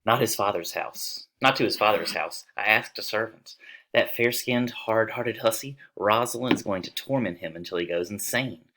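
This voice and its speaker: Man voicing a mocking young nobleman, low voice, bright edge, quick jibes. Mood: restless. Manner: scornful, rapid joking.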